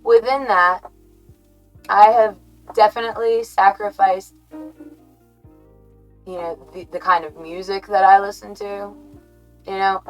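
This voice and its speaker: An American woman hosting a livestream, chatting to her viewers in a rambling, halting way that keeps correcting itself and breaks into giggles. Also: mid-range voice, fairly even intonation, soft background music, poor audio. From United States. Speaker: livestream host. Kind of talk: casual stream chat to viewers.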